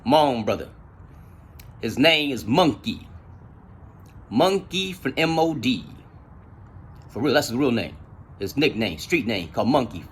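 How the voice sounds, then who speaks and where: A man telling stories in casual, profane street slang, with an animated retelling style. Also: medium pitch, unhurried, long pauses, slight background noise. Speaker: storyteller. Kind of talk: casual storytelling.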